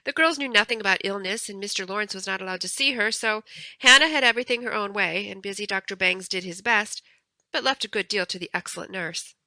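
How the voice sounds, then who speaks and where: A woman reading a classic novel aloud as an audiobook narrator, steady and clear. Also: mid-range voice, fast talker, no room sound. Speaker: audiobook reader. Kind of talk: scripted narration.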